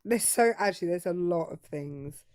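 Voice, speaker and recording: A woman's voice: lowish voice, expressive, normal speed, a little mellow. A British woman co-hosting a casual political live stream, speaking frankly and swearing freely. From Britain. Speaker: co-host.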